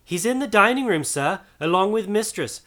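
A man voicing a polite young housemaid in a high falsetto. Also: expressive, normal speed, bright, forceful tone.

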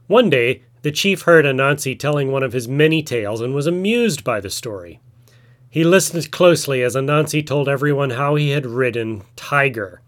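A man narrating a folk tale in a measured, expressive storytelling manner. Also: medium pitch.

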